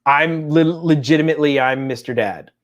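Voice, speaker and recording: A man in his thirties co-hosting a casual chat show, telling animated family stories and slipping into quick impressions. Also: fairly high pitch, dull audio. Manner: chatty, animated storytelling with voiced impressions. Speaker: podcast co-host.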